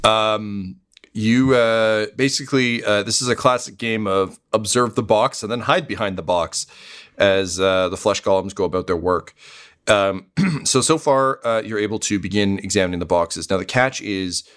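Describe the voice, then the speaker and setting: Hesitant, low-voiced game master. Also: male voice, moderate pace, fairly bright tone, smooth. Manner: hesitant, full of ums and uhs. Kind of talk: narrating a tabletop game.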